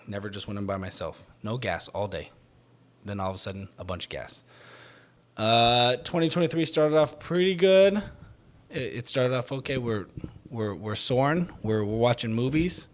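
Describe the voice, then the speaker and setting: A man with a lowish voice hosts his own podcast alone. He rambles and stops to restart, a touch short of breath. His tone pokes fun at himself. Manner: rambling, self-deprecating, quick with restarts. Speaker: podcast host. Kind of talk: solo podcast monologue.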